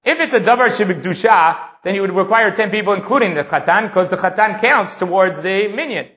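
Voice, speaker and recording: A man's voice: high-pitched, expressive, brisk, bright, forceful tone. A man giving a Talmud lecture, reading Aramaic lines and explaining them in English. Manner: explanatory, reads Aramaic then translates. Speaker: Talmud teacher.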